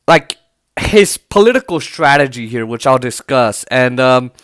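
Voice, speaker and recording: A man's voice: mid-range voice, lively intonation, unhurried, fairly bright tone. A man hosting a podcast, giving casual political commentary in a loose, chatty way with many fillers and restarts. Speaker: podcast host.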